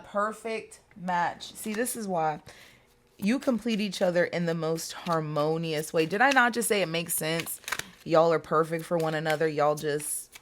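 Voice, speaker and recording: A woman's voice: low-pitched, a little hiss or hum. A woman reading tarot cards for her viewers in a casual, chatty way. She talks emphatically, repeats herself, and swears freely. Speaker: tarot reader.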